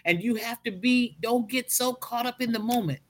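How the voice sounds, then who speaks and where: A woman's voice: on the high side, moderate pace. A middle-aged woman with a Southern American accent, speaking as a podcast guest in a casual, motivational, preacherly way. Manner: expressive, acts out quoted speech, preacherly.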